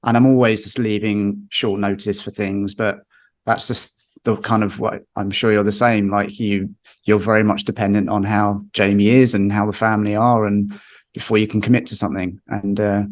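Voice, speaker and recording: Male podcast guest; lower voice; friendly, reassuring, easygoing. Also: level tone, normal speed. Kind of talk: casual podcast chat.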